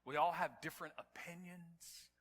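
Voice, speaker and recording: A man's voice: fairly high pitch, little pitch movement, normal speed. Preaching man in a reverberant hall. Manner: storytelling, voice rising to near-shouts at climaxes. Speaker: pastor. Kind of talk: sermon. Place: church sanctuary.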